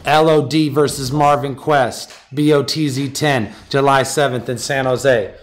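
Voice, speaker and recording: A man hosting a battle rap league stream, high, talking in a profane, animated rant and making a matchup announcement. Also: unhurried. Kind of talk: live-stream talk and announcement.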